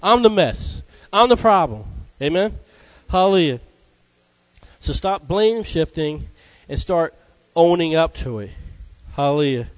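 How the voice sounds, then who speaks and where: Fervent high-voiced male preacher. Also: big pitch swings, measured pace, no echo, rough recording. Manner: fervent call-and-response preaching, frequent "Amen?" and "Hallelujah". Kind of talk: sermon.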